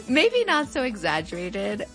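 A woman with a Mexican border fronterizo accent, narrating a scripted show in a wry, chatty way with animated asides. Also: on the high side. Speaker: host.

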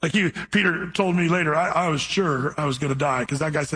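A man preaching with an easygoing, conversational manner, slowing down to read scripture aloud. His voice sits high for a man and carries a husky, slightly breathy edge. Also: a bit bright. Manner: casual storytelling preacher, reads scripture slowly. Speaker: pastor. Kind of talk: sermon.

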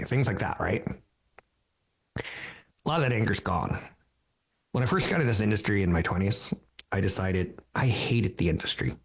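A gravelly, husky man in his fifties hosts a talk radio show. His voice sits low, and he tells his stories with animation, mocking the people he quotes. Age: 50s. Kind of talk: casual talk radio monologue.

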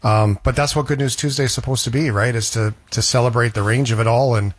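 A man's voice: medium pitch, fairly even intonation, fast, slightly rough. A man hosting a casual chat, reflective and easygoing. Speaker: host.

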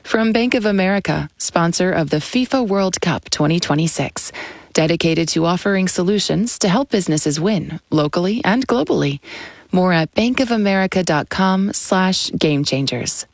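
A woman reading scripted radio sponsor messages in a smooth promotional manner. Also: lowish voice, expressive, moderate pace, no room sound.

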